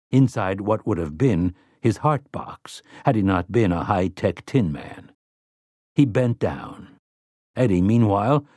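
A man narrates an audiobook in a measured, expressive way, his low voice lively in pitch. He takes his time, and the sound is dry and close. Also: no echo. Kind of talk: scripted narration.

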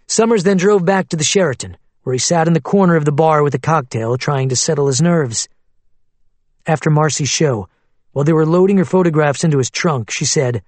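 A man narrating a thriller audiobook in a steady, matter-of-fact way. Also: on the high side, brisk, no room sound. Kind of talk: scripted narration.

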